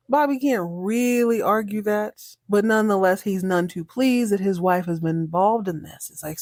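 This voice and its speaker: A woman hosting a podcast, recapping a TV episode in a chatty, animated way and acting out the characters' lines. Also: medium pitch, moderate pace, few pauses, no echo, clean studio sound. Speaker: podcast host.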